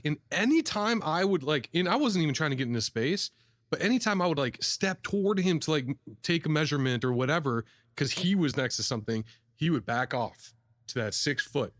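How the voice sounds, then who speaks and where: A man co-hosting a casual podcast chat about sales, telling lively stories and laughing often. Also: on the high side, no room sound, clean studio sound. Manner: lively storyteller, laughs often, acts out customers. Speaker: sales coach, podcast co-host.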